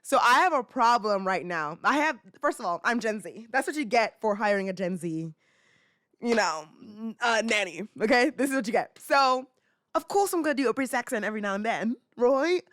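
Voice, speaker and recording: A woman's voice: a little high, expressive, a little fast, fairly bright tone, no room sound, studio quality. A young woman in her twenties hosting a podcast, chatting casually and rambling with fillers and laughs. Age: 20s. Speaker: podcast host. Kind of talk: casual chat.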